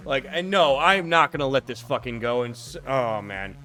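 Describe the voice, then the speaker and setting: A man's voice: mid-range voice, lively intonation, moderate pace, bright, forceful tone, faint music behind. A young man streaming a game live, chatting casually, swearing a lot and laughing as he rants. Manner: profane, ranting, laughs often. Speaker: livestreamer.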